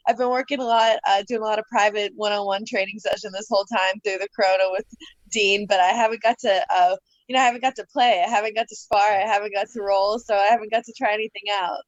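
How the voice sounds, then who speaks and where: A woman's voice: medium pitch, steady tone, quick pace, dry recording, lo-fi sound. A woman in her twenties, a guest fighter, chatting casually on a video call from bed, laughing often. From Canada, grew up in Florida. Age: 20s. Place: in bed at home.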